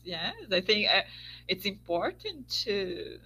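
Slow, husky woman. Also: mid-range voice, very animated, faint music behind, poor audio. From Brazil. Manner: soft-spoken, laughs often. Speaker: podcast guest. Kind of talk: casual chat.

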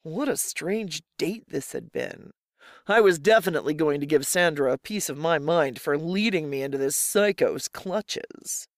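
A narrator reading a first-person story in a steady, measured way. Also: medium pitch, no room sound, clean studio sound. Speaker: audiobook narrator.

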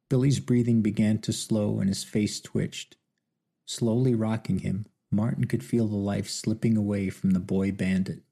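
A male audiobook narrator reading in a measured, solemn way. His low voice is gravelly and dark, with a husky, grainy texture.

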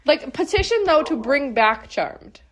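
A woman's voice: sits high, big pitch swings, measured pace, a crowd in the background. A young adult woman co-hosting a podcast in casual chat, giggly and rambling with lots of "like". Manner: giggly, rambling, heavy "like" filler. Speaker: podcast co-host.

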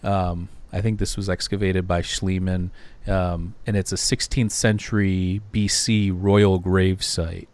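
A man co-hosting a podcast, talking through slides in a loose, rambling way with lots of fillers and pauses. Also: deep voice, little pitch movement, a little mellow. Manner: rambling, hesitant, many fillers. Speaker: podcast co-host. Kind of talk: casual podcast discussion.

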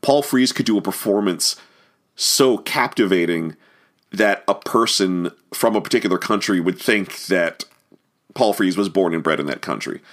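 A man's voice: deep voice, normal speed, fairly bright tone. A man giving a rambling film commentary, with many fillers and restarts. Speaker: commentary host.

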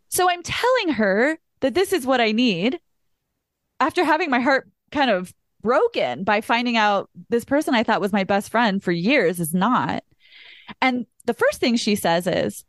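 A woman's voice: on the high side, lively intonation, unhurried, dry recording, clean studio sound. Candid woman host telling a story. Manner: candid and emphatic, swears, acts out quoted dialogue. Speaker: podcast host. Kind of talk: personal storytelling in casual chat.

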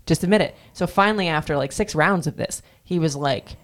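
Low-voiced woman in her 40s ranting on her podcast, blunt, lots of swearing. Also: brisk. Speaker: podcast host. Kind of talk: casual podcast chat.

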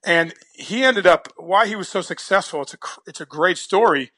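A man from New Jersey spins a long story in easy, rambling conversation. His voice sits a little high and sounds bright and sharp. He often stumbles over his first words and breaks into laughs. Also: normal speed, hardly any pauses. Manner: chatty, repeats words when starting sentences, laughs often. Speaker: guest telling a story. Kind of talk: casual storytelling.

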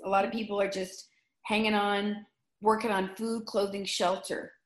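In a relaxed conversation, a middle-aged woman earnestly tells a personal story with real feeling, often restarting sentences as she hunts for words. Her medium-pitched voice moves at a moderate pace and carries a noticeable roomy echo.

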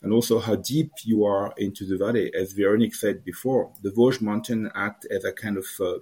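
Low raspy guy explaining slowly, lots of uhs. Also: steady tone, warm tone. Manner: hesitant, many "uh" fillers, explanatory. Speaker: wine grower. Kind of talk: interview answers.

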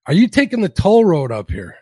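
A man's voice: sits high, huge pitch swings, a little fast, darkish tone, husky, no room sound, clean studio sound. A man hosting a casual podcast livestream, who stumbles over his words and restarts while reading out viewer comments. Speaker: podcast host.

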